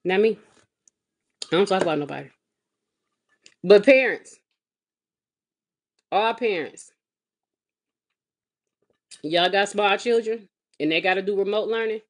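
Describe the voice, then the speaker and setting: A woman vlogging as a mother, telling a comedic, exasperated story with sassy, animated delivery and big swings in pitch. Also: brisk, pauses often. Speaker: mother of a kindergartner. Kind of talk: comedic storytelling vlog rant. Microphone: phone or webcam vlog.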